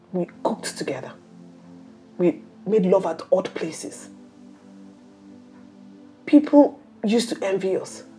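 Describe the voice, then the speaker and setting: A Nigerian actress playing a hurt wife in a film drama, speaking earnestly and wistfully. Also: female voice, lowish voice, mellow. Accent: Nigerian English. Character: hurt, frustrated wife, woman, adult.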